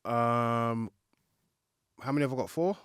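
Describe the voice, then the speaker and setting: A man's voice: mid-range voice, measured pace, a bit bright, clear, resonant tone, no echo, studio quality. A man who is a podcast guest, thinking aloud under quiz pressure with many ums and self-mocking remarks. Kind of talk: casual podcast chat.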